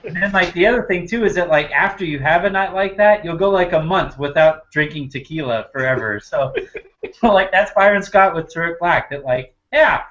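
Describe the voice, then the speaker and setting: A man's voice: fairly high pitch, brisk, fairly bright tone, lo-fi sound. A man in casual chat on a sports panel, joking, laughing often and spinning long comic comparisons.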